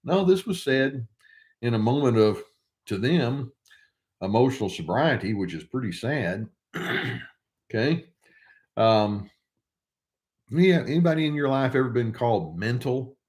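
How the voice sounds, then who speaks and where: A man's voice: mid-range voice, expressive, measured pace, pauses often, a little mellow. An older man, a therapist, talking casually and wryly to the camera while he thinks aloud. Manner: wry, conversational, thinking aloud.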